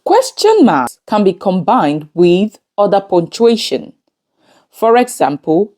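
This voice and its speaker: A woman giving a scripted grammar lesson in a measured, instructive way. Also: medium pitch, very animated, mellow. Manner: measured, instructive, reads examples aloud. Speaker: English teacher.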